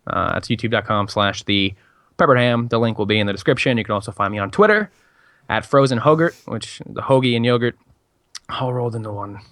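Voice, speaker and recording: A laid-back man guesting on a casual podcast, rambling through his plugs with fillers. His voice sits at a middle pitch and sounds dry and close. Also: fairly quick, fairly bright tone, no echo. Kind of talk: casual chat.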